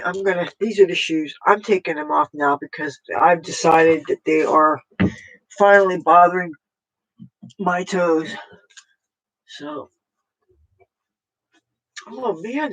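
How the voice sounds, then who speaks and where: A political vlogger talking casually at home in a rambling, halting way with many fillers and restarts. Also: medium pitch, low-quality recording.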